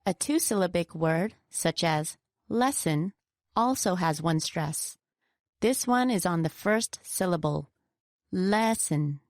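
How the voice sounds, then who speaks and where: A woman co-presenting a scripted pronunciation lesson, slowing down to stress example words with care. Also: on the low side, lively intonation, dry recording, clean studio sound. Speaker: pronunciation teacher.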